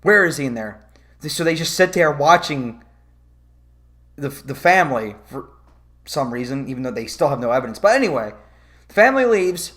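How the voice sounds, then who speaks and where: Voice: medium pitch, moderate pace, pauses often. A vlogger ranting about a movie in a casual comedic review, swearing often and laughing. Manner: profane, animated, laughing.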